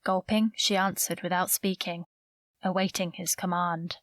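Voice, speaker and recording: A woman narrating a romantic suspense audiobook in a measured, even storytelling manner, recorded close to the mic. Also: fairly low pitch, no echo. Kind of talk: scripted narration.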